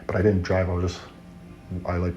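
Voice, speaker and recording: Low-voiced man rambling through a story. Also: completely flat delivery, fairly quick, dark tone, muffled recording, soft background music. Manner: rambling, slangy, self-correcting. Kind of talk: casual storytelling.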